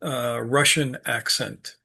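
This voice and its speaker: A man giving an unscripted teaching talk, halting and full of fillers, with a dry sense of humor. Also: mid-range voice, steady tone, gravelly, pushed and bright. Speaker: speaker leading a study group talk.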